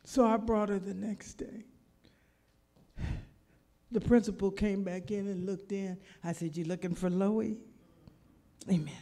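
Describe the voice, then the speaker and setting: A woman's voice: medium pitch, measured pace, pauses often. Woman preacher telling a story. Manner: animated, acts out the people in her story. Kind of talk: storytelling sermon. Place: church.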